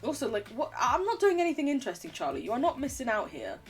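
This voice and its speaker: A woman's voice: sits high, wildly swooping pitch, fast, slightly rough, faint music behind. A young woman with a standard English accent, chatting to her viewers in a giggly, teasing way while she plays a game. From England. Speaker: streamer. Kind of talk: casual live-stream chat while gaming.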